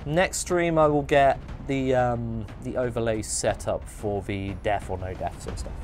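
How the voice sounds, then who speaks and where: English man, livestream game host, chatty, excitable, medium pitch, game music behind. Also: a little slow, few pauses. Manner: chatty, excitable, jokey with chat. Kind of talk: gameplay livestream commentary.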